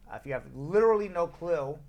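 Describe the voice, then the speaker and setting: A man hosting a live call-in show as an immigration lawyer, answering viewer questions in a brisk, emphatic, joking way, with a New York accent. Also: fairly high pitch, lively intonation, lo-fi sound.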